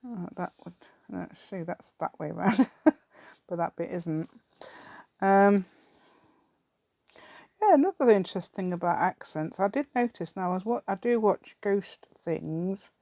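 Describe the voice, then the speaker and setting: A woman's voice: medium pitch, lively intonation, unhurried, mellow, dry recording. A middle-aged English woman chatting in a rambling way while she works on a craft project, laughing often. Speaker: craft vlogger. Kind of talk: casual chat while crafting.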